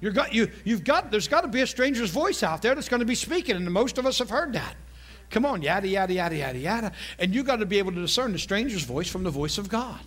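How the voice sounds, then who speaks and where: High-voiced preacher, chatty. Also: male voice, big pitch swings, fast, few pauses, a bit bright. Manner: conversational, jokey, asks the congregation questions. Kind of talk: sermon.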